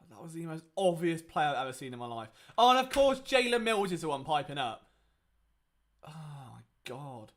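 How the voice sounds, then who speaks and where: A young man runs a live sports watchalong, tossing out exasperated, sarcastic asides about the game that range from loud outbursts to muttering. His voice is on the high side.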